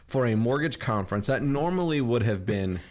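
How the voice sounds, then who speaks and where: A man's voice: mid-range voice, lively intonation, a little fast, darkish tone. A man hosting a podcast in casual chat, joking and rambling in a friendly way. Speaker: podcast host. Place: home office in kitchen.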